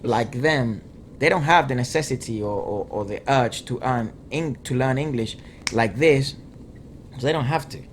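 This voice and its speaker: A young Latin American man, a reaction video co-host whose first language is Spanish, tells a long, rambling story in a casual chat, filling it with lots of "like." His voice is medium-pitched and moderately paced, with a little hiss or hum on the recording.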